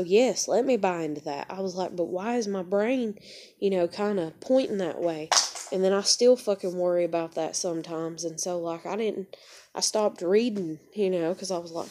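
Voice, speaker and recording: A woman's voice: lowish voice, a little mellow. A young woman, rambling emotionally and swearing as she searches for words in a personal confession. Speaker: vlogger.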